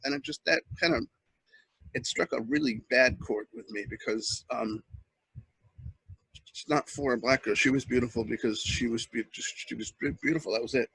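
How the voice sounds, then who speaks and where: A man hosting a casual webcam monologue, talking earnestly in a halting way with many restarts. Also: mid-range voice, fairly bright tone, slightly rough, no echo, low-quality recording. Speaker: host.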